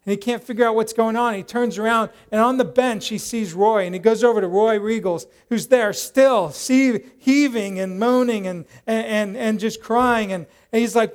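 High-voiced male pastor, animated sermon storyteller, shifts between acted-out shouts and hushed prayer. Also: normal speed. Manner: animated storyteller, acts out quoted voices loudly, drops to soft prayerful tone.

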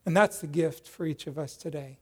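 High-voiced male pastor, animated sermon storyteller, shifts between acted-out shouts and hushed prayer. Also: fairly quick, breathy edge. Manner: animated storyteller, acts out quoted voices loudly, drops to soft prayerful tone.

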